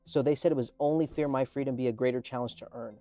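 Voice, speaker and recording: A man's voice: mid-range voice, fairly even intonation, fast talker, mellow, faint music behind, lightly acted. A man playing a weary, sarcastic male prisoner who narrates his own grim situation in a dry tone. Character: weary, sardonic male prisoner test subject.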